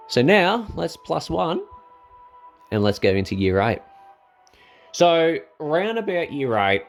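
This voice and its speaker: Young man, casual rambling storyteller, low voice with a swinging, animated pitch. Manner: rambling, with many ums and restarts.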